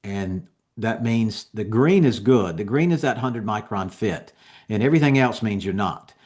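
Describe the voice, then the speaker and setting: A man giving a continuing education lecture on dental technique, explaining each step in a relaxed, conversational way. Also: lowish voice, normal speed.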